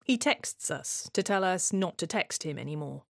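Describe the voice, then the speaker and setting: Deadpan woman telling a dramatic monologue. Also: on the low side, moderate pace, gravelly, dry recording, clean studio sound. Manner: sardonic, deadpan, sweary. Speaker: playwright performer.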